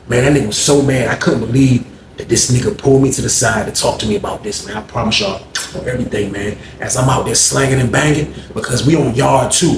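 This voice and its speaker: A man's voice: medium pitch, gravelly, noisy background. A young adult man from Norfolk, Virginia, casually telling a story and acting out other people's voices, dropping "man" and "bro" into his lines. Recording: echoey room, faint ambience.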